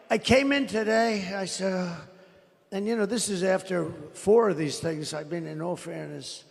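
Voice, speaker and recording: A man's voice: high voice, normal speed, creaky. A man in his seventies gives a rambling, off-the-cuff rally speech into a stage microphone, boasting and grumbling with occasional swearing. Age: 70s. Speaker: political rally speaker. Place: large rally venue. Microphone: stage microphone over PA. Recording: reverberant rally venue with faint ambience.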